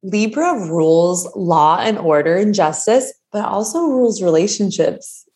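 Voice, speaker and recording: A woman's voice: on the low side, lively intonation, measured pace, a little mellow. Woman in her thirties, podcast host, chatty, gushing, swears casually. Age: 30s. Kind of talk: casual chat.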